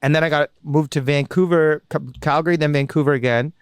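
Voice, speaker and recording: His pitch is fairly high and his tone steady and clean, captured dry at studio quality. This man, a Canadian comedian who once hosted radio, tells rambling, self-mocking stories in a casual interview, chatting away with quick restarts.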